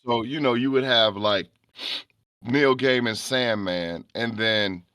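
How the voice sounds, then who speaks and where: A man's voice: medium pitch, slow, no echo, clean studio sound. A man in his fifties from Chicago, a voice actor telling stories as a guest in a casual interview and slipping into character voices. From Chicago, United States. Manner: animated storyteller, slips into character voices.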